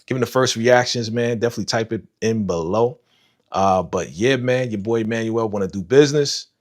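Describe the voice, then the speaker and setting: A man hosting a live stream, giving casual, animated reaction commentary full of slang and talking to chat viewers by name. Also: lowish voice, brisk. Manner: animated, slangy, retells scenes with voiced quotes. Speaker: livestream host reacting to a TV episode.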